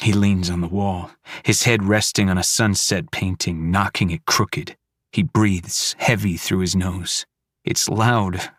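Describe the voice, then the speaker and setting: Slow, low-voiced male horror narrator. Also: fairly even intonation, no room sound, clean studio sound. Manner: clipped, fragmented, hushed. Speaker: audiobook narrator. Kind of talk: first-person horror audiobook narration.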